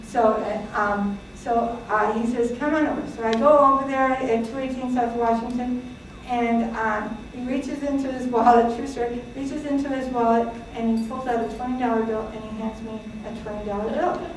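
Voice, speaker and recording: A woman's voice: fairly high pitch, level tone, normal speed, hardly any pauses, a little hiss or hum. A woman in her sixties, born in Greece, giving a chatty talk to an audience, with many fillers and laughs. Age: 60s. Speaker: presenter. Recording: echoey hall from far off.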